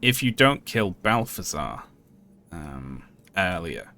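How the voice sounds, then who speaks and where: A man's voice: sits low, sing-song, slow, creaky, pushed and bright, slight background noise. Joking man commenting on a game stream. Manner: joking, sarcastic, laughs often. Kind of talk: casual live-stream commentary.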